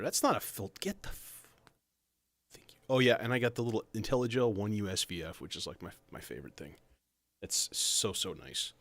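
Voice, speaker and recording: A man with a medium-pitched, slightly bright voice and no audible room sound hosts a casual stream about modular synths. He rambles and interrupts himself, with soft synth music in the background.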